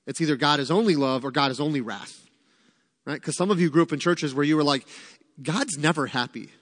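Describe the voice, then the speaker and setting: A middle-aged male pastor delivering a sermon in a conversational, emphatic teaching manner, with a slightly higher voice than most men. His words ring out with a long reverb, as in a church hall. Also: fast.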